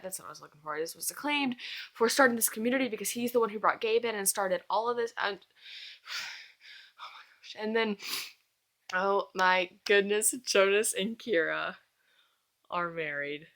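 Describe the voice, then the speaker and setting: A young woman reviewing a book series in a casual vlog, gushing and exclaiming with fangirl excitement. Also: medium pitch, moderate pace, pauses often. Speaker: book vlogger.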